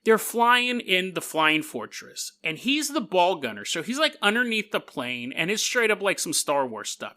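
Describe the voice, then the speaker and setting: A man hosting a podcast, telling stories in a casual, joking way, laughing often and putting on quick voices for the people in them. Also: high voice, sing-song, pushed and bright. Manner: laughs often mid-sentence. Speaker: podcast host. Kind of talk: casual storytelling monologue.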